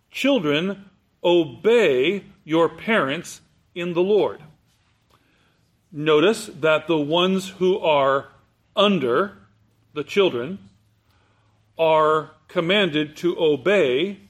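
Slow, deliberate male preacher. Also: a little high, a bit bright. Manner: slow, deliberate, explanatory, stresses key words. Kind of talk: sermon teaching.

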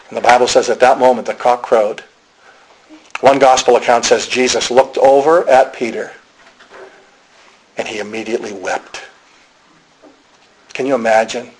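Male preacher, Pennsylvania accent, breathy-rough tone, animated sermon delivery that acts out quoted lines. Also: mid-range voice, moderate pace, pauses often, poor audio. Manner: dramatic storytelling, acting out quoted voices. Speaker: pastor.

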